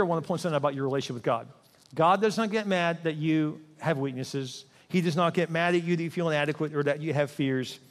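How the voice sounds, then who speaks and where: A male pastor with a high voice delivers a casual, conversational sermon. His voice rings with a long reverb through a large church. He turns to the congregation with questions and slips into little acted voices. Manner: conversational, acts out dialogue voices; self-deprecating, asks the audience questions.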